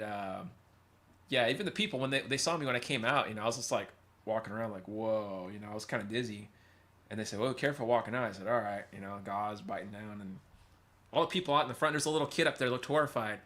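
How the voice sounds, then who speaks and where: Rambling through stories for his chat, this livestream host keeps drifting off to answer comments along the way. His voice is medium-pitched and a bit bright.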